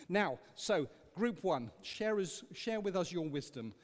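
A man leading an interactive sermon, questioning the congregation in an animated, emphatic way. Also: high-pitched, measured pace, few pauses. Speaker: preacher leading a Bible study. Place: church. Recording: echoey church hall.

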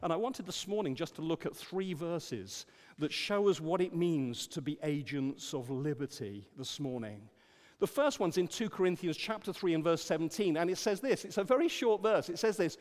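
An older man preaching a sermon, rising to emphatic declarations and dropping to quiet storytelling. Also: a little high, lively intonation, moderate pace. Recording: long hall reverb.

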